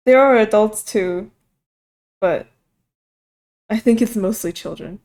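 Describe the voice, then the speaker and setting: A woman's voice: medium pitch, takes it slowly, a little mellow. A young woman in casual chat who hedges, laughs often and pushes back.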